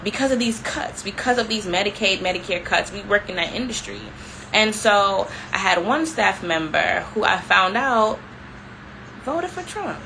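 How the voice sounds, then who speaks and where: A young adult woman vlogs to her viewers in a casual, storytelling chat. Her voice is bright and forward, and her delivery is animated and conversational, full of "like" and asides to y'all. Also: medium pitch, moderate pace, a little hiss or hum, low-quality recording. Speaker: vlogger.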